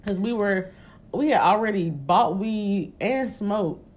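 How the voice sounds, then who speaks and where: A woman's voice: mid-range voice, animated, slow. A young woman in casual chat, chiming in and adding her own side of the story. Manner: chimes in, laughs hard, adds her own side. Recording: dull lo-fi recording.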